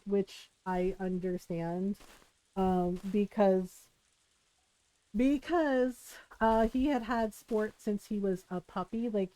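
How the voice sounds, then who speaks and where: A woman's voice: mid-range voice, dark tone, low-quality recording. A middle-aged woman streaming live, telling a family story in a chatty, rambling way full of fillers and laughter. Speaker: livestreamer. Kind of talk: casual storytelling while streaming.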